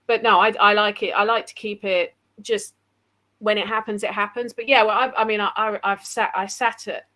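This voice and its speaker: An English woman, a paranormal investigator, telling animated stories in casual conversation over a video call. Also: mid-range voice, moderate pace. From England. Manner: chatty, animated anecdotes. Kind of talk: casual storytelling.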